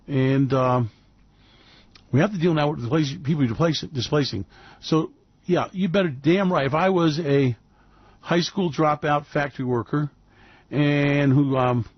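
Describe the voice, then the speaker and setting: A man's voice: medium pitch, dry recording, highs cut off. A man hosting a radio show, talking in a rambling, emphatic monologue full of fillers and restarts. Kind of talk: opinionated monologue.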